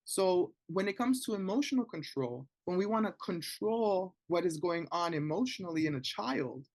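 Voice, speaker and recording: A man giving a conversational webinar talk to parents, often pausing to ask "right?" as a check-in. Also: high voice, expressive, a little mellow. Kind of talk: informal educational talk.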